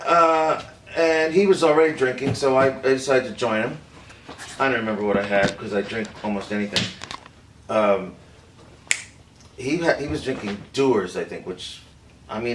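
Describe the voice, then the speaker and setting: An actor playing a famous film director in a staged interview, halting and hesitant with many fillers. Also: male voice, medium pitch, lightly acted. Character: man playing a famed film director recounting secrets. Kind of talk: improvised interview acting. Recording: roomy echo from a distant mic with faint noise.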